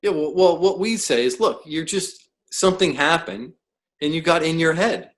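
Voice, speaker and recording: A man's voice: fairly high pitch, moderate pace, fairly bright tone, low-quality recording. A man who is a professional coach, talking as a podcast guest in an emphatic, blunt way, full of rhetorical questions. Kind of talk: podcast interview.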